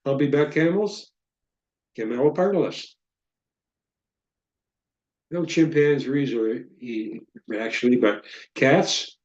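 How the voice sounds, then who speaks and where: A man's voice: medium pitch, slow pace, long pauses, darkish tone, echoey room, highs cut off. A man presenting as a guest over a video call, rambling and joking as he walks through a slideshow. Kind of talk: casual slideshow talk.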